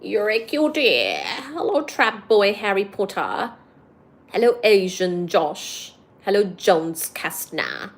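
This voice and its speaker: Slow-talking playful woman livestreamer. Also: medium pitch, very animated. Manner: greets chat by name, playful, sings snatches of songs. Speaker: livestream host. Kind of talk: casual livestream chat with viewers.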